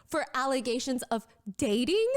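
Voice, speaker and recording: Woman with a slightly high voice narrating. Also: sing-song, moderate pace. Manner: earnest, recounting events in detail. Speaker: true crime podcast host. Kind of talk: storytelling commentary.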